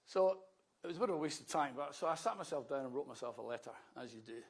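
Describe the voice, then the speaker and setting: A man's voice: fairly high pitch, animated, fast talker, vocal fry, breathy edge. A Scottish man in his sixties, a politician giving a wry, anecdotal speech at a rally with self-mocking asides. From Scotland.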